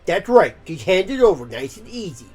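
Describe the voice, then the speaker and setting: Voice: mid-range voice, very animated, normal speed, a little mellow, breathy edge, soft background music. A game streamer voicing pushy, childish little creature henchmen in a whiny, pleading way.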